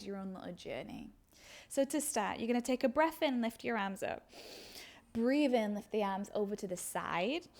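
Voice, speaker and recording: A woman with a medium-pitched voice leads a guided yoga class, soothingly coaching movement and breath. Her out-breaths come with audible sighs.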